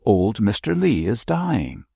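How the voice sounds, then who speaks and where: A man voicing a solemn, earnest young curate, in a husky voice with a slight rasp. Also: fairly low pitch, sing-song, slow, mellow, dry recording, clean studio sound, pitched above the performer's own voice, heavily acted.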